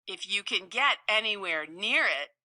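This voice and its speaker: A woman reading a children's story aloud with slow, playful, expressive delivery. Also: medium pitch, dry recording, clean studio sound.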